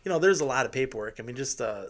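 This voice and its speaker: A man's voice: mid-range voice, animated, rapid-fire, crowd noise. A man who is a realtor, talking easily and modestly as a podcast guest. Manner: easygoing, modest, plain-spoken. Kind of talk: casual podcast chat.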